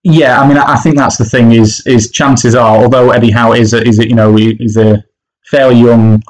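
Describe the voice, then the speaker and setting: A man with a medium-pitched voice co-hosts a casual football podcast as a fan, speaking at a moderate pace with fairly even intonation. He sounds hesitant, restarting often and leaning on fillers. The recording is rough.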